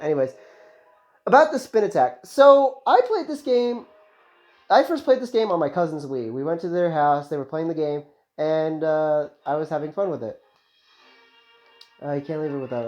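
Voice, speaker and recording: A man giving casual, joking, rambling commentary while playing a video game. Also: fairly high pitch. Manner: joking, rambling, self-mocking. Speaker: let's play host. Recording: slightly muffled, game music behind.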